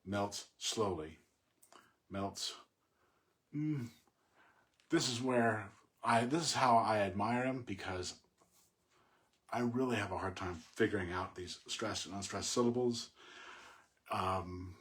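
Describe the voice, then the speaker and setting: A middle-aged man talking casually about a poem he admires, thoughtful and halting, with many fillers and restarts. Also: fairly low pitch. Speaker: poet discussing a poem. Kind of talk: casual spoken commentary on poetry.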